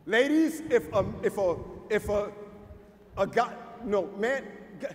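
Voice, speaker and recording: A male pastor preaching a sermon in an emphatic, informal style, calling the crowd "y'all" and rising to shouted peaks. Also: sits high, lively intonation, slow pace. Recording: reverberant hall, faint noise.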